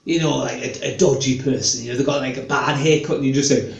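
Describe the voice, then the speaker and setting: A man's voice: mid-range voice, animated, fast talker, vocal fry, few pauses, muffled recording. A man telling rambling stand-up stories, chatty and meandering. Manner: chatty, meandering, full of fillers. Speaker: stand-up comedian. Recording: echoey room.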